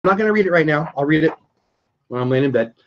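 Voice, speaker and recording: A man's voice: a little high, expressive, very fast, lo-fi sound. A man hosting a casual livestream, chatting enthusiastically and greeting viewers by name as he talks.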